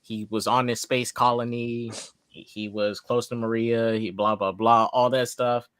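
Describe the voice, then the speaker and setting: A man talking in a relaxed, rambling way and cracking jokes as he goes. His voice is bright and forward, recorded close and dry with almost no room sound. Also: mid-range voice, a little slow, clean tone, no room sound. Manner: rambling, joking, loose and laid-back. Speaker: co-host of a fan reaction show. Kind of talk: casual chat.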